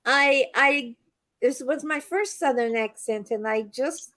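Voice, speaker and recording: A woman's voice: high-pitched, slow, fairly bright tone. A woman whose first language is Portuguese, telling stories animatedly in casual chat and repeating words as she searches for them.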